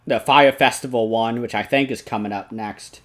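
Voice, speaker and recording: A man's voice: medium pitch, normal speed. A man hosting a casual film discussion, animatedly retelling scenes with frequent laughs and lots of "like". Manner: animated retelling, laughs often, many "like" fillers. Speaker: podcast host.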